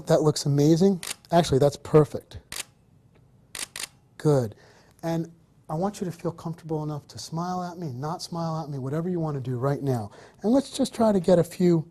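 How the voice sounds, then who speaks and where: On the move through a hotel, a man teaches wedding photography on location, his voice fairly high with a dark tone. He coaches and encourages, turning between his subject, whom he directs, and the viewers, to whom he explains.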